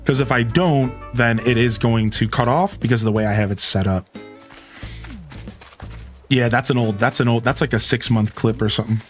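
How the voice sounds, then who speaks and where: A young adult man chatting casually on a live stream into a studio microphone, laid-back and animated, his voice peaking and dropping, with lots of "like" and "dude". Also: medium pitch, normal speed, soft background music. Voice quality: dynamic voice that peaks and drops. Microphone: studio mic with equalizer and cutoff.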